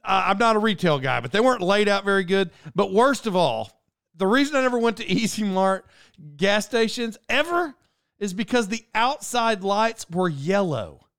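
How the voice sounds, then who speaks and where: With a high, expressive voice, a bit bright and smooth with some vocal fry, this male podcast host talks at a moderate pace. He rambles, digresses, interrupts himself, and gets riled up over little things in a studio-quality recording with no room sound.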